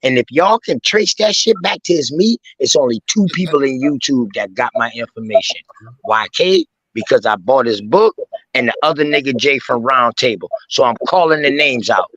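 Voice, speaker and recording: A man, swearing and shouting down others in a heated argument on a live stream. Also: medium pitch, expressive, normal speed, breathy edge, no echo, dull audio. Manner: angry, profane, confrontational.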